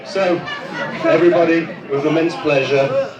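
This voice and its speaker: A man's voice: a little high, lively intonation, normal speed, highs cut off. A tipsy man giving a rambling, crude wedding speech for his brother, full of hesitations and self-deprecating jokes. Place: wedding reception hall with guests. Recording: roomy echo, distant mic, loud crowd.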